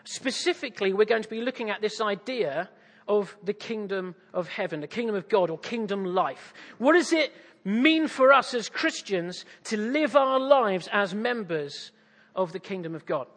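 A man's voice: high-pitched, expressive, moderate pace, a bit bright, long reverb tail. A man from East Anglia with an English accent, preaching a sermon with audience interaction, jovial and self-mocking. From East Anglia, England.

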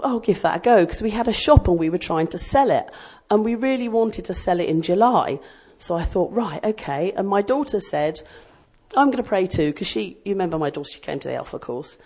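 A middle-aged woman from Australia speaks to a small church group in a relaxed, rambling way, poking fun at herself as she tells her story. Her voice sits a little low for a woman. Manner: chatty, self-deprecating, rambling storyteller. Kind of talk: personal testimony to a group.

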